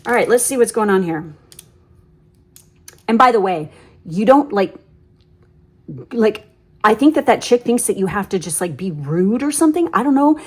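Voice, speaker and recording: A woman's voice: mid-range voice, moderate pace, pauses often, husky. Woman tarot reader, casual and blunt, ranty storyteller, swears a lot. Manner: blunt, ranting, swears freely; animated storyteller with many fillers. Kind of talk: casual tarot reading monologue.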